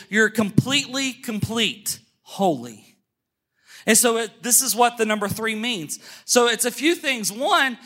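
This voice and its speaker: A man preaching a sermon, emphatic, calling the congregation to look at him and say amen, slowing on key phrases and speeding through asides. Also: very high-pitched, pushed and bright. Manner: emphatic, calls for amens and attention; shifts between brisk asides and slow stressed phrases. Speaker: pastor.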